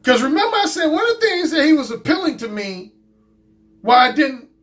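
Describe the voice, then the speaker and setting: With a very high, sing-song, slightly bright voice, a man talks briskly in a casual commentary monologue. He's a dating coach and YouTube host, blunt and profane, and he repeats himself.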